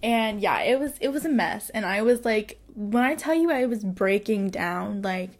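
A woman's voice: medium pitch, animated, normal speed. Chatty young woman, storytime. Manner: chatty, heavy swearing, many "like" fillers, frequent laughter. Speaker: vlogger. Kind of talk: casual storytime monologue.

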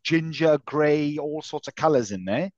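Teasing his co-host with the occasional swear word, a podcast co-host keeps the chat casual. His fairly high, animated voice is a little mellow and moves at normal speed, with no echo but a slightly dull lo-fi quality.

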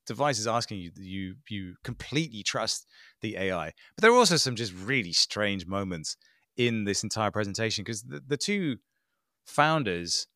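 A man co-hosting a casual tech podcast, talking in an animated, sarcastic way and mimicking people he mocks. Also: on the low side, moderate pace, no room sound, clean studio sound. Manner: animated, mocking impressions, sarcastic. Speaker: podcast co-host.

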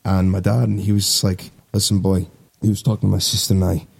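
A young man in his twenties speaks low in a gravelly voice with a Midwestern American accent. He talks in a relaxed, rambling way, easy and unhurried. He sounds like a Navy sailor chatting casually about himself. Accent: Midwestern American, put-on. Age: 20s. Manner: relaxed, rambling, laughs easily. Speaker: guest, Navy sailor and guitarist. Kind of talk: casual interview chat.

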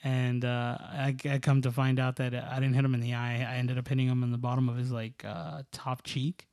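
Rambling man telling a story, mellow dry voice. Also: medium pitch, little pitch movement, brisk, no room sound. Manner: rambling, filler-heavy, many "like"s and restarts; laughs while telling stories. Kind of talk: casual storytelling chat.

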